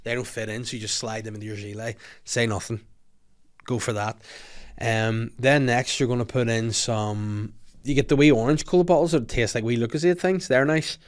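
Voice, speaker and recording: Speaking at a moderate pace with a steady, medium-pitched tone, a young Northern Irish man hosts a comedy podcast. The talk is casual and comedic, full of rambling jokes and crude asides.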